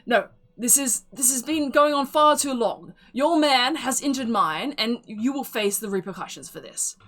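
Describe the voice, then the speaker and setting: A woman's voice: on the high side, lively intonation, moderate pace, a bit bright, pitched above the performer's own voice. Woman doing a stern, indignant elf woman. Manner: indignant, insistent, rising outbursts. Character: stern indignant elven woman, accusing and pushy.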